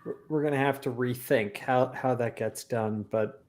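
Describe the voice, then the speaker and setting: A man's voice: mid-range voice, steady tone, moderate pace, a little mellow. Canadian man cracking dry, profane jokes. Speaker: panel guest. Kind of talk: casual streamed panel chat.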